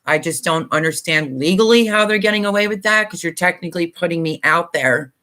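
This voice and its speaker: Her voice is lowish, brisk, and sharp-toned: a middle-aged YouTuber from Pennsylvania, USA, hosting a live stream. Close to tears and choked up, she rambles and apologizes with many fillers, the talk emotional and casual.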